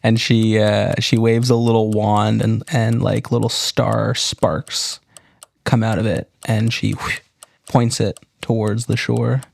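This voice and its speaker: A man's voice: on the low side, level tone, slow pace, vocal fry, a little mellow. A man co-hosting a tabletop game podcast who narrates the game in a laid-back, giggly way. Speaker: co-host, game master.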